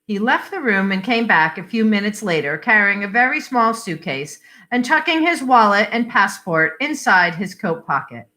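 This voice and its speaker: A woman reading a short story aloud for adult listeners, in a measured storytelling manner. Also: mid-range voice, animated, pushed and bright. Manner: measured storytelling with voiced dialogue. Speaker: library story reader.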